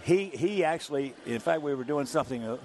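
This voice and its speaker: An older man, a former ballplayer, telling stories as an interview guest in an animated, chuckling way. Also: on the high side, brisk, a little hiss or hum. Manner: animated storyteller, chuckling through anecdotes. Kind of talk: anecdotal interview storytelling.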